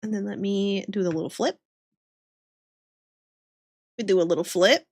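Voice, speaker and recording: A woman's voice: medium pitch, moderate pace, pauses often, darkish tone, dry recording. A woman streamer chatting casually with viewers while drawing, giggling often and greeting people by name. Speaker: livestreamer drawing art. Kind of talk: casual livestream chat.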